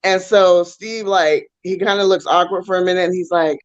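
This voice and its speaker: Animated woman telling a story. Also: lowish voice, moderate pace, highs cut off. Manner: animated storyteller, acts out voices in quotes. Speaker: co-host. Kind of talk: casual storytelling chat.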